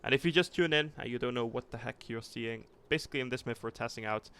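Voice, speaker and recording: Gravelly man streaming a tank game. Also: medium pitch, quick pace. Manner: thinks aloud, rambling and relaxed, swears casually. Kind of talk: casual livestream commentary.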